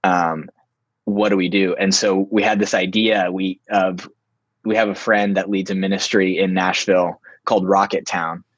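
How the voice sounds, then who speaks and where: Husky young man telling a story. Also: sits low, moderate pace, no room sound, muffled recording. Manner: animated, filler-heavy, lots of "like". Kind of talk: casual storytelling.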